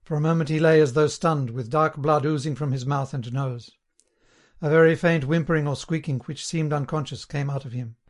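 A man narrating an audiobook in a steady, measured way. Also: fairly high pitch.

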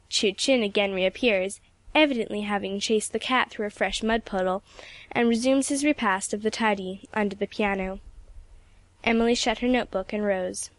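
A woman reading a novel aloud as narrator, in a measured, plain manner. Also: mid-range voice, no room sound. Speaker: audiobook narrator.

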